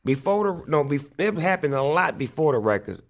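A man's voice: on the high side, sing-song, brisk. A man, a rapper being interviewed, telling stories in a loose, profane way full of fillers. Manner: loose, profane, filler-heavy storytelling with frequent "like". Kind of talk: casual interview storytelling.

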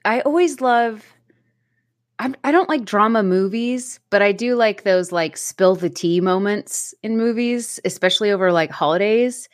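A woman's voice: medium pitch, moderate pace, no room sound, clean studio sound. A woman co-hosting a casual podcast chat, rambling through a story and laughing often. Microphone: remote call mic.

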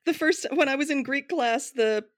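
A woman with a somewhat high voice affirms what others say in a casual, warm way. Her voice is recorded close and dry. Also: moderate pace, no echo. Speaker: panelist. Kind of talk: panel conversation.

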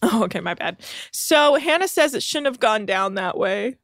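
A woman's voice: a little high, expressive, normal speed, fairly bright tone, no room sound, studio quality. A young woman from the Bay Area co-hosting a podcast, recapping a reality show in casual, swearing chat full of mock quotes. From San Francisco Bay Area. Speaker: podcast co-host.

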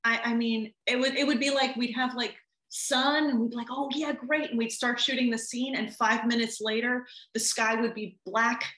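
A woman film director talking casually in an interview, animated and laughing as she acts out what people said. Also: a little high, normal speed, few pauses, echoey room, poor audio.

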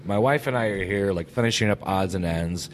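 A man with a slightly low voice tells brewery stories in casual chat, animatedly acting out what people said. A faint noise floor sits under the recording. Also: a little fast. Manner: animated storyteller, acts out quotes in a higher voice. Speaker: brewery co-owner.

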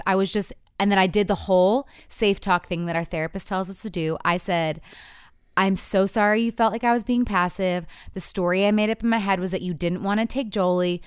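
A woman's voice: medium pitch, smooth, no echo, clean studio sound. A woman in her thirties telling a couple's story in candid chat, acting out the quotes as she goes. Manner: animated storytelling with voiced quotes.

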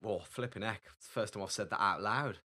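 A man's voice: fairly low pitch, fast, pushed and bright. A man, co-hosting a podcast in easygoing casual chat. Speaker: podcast co-host.

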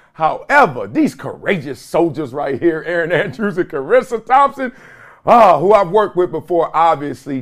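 A middle-aged man hosting a sports podcast, talking in a loose, slangy way and laughing often. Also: a little high. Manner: animated, slangy, laughs often, mimics others in quotes. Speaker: podcast host. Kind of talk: casual sports commentary.

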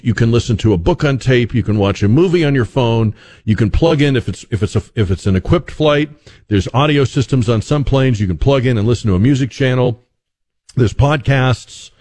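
A man hosting a talk radio show, joking wryly with a lot of restarts. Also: mid-range voice. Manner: wry, joking, animated with many restarts.

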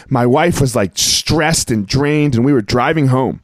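Male host, excitable storyteller, rambling with many fillers, dry close sound. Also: mid-range voice, measured pace, hardly any pauses, dry recording. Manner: rambling, heavy on filler words and restarts; excitable, emphatic. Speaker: podcast host. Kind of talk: casual storytelling chat.

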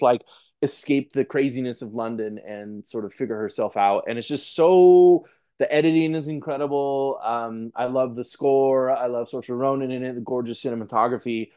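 Man, mid-pitched voice, podcast guest, animated, quick, casual film chat. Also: clean tone. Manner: animated, quick, acts out what others say.

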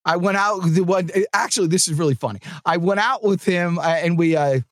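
Brisk and high-pitched on a dry recording, a New Jersey sales trainer hosts his sales podcast. His casual motivational monologue rambles animatedly, with lots of restarts.

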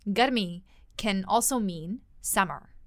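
Woman teaching a language lesson clearly. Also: mid-range voice, slow, a bit bright, no room sound, studio quality. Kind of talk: language lesson dialogue explanation.

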